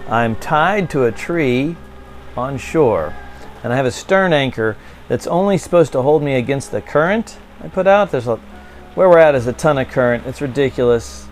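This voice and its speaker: A young man talking casually to the camera about riding out a storm alone on his sailboat, animated when he tells a story. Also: mid-range voice, rough recording. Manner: chatty, animated storytelling, acts out quoted voices. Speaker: sailboat vlogger. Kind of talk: casual video diary.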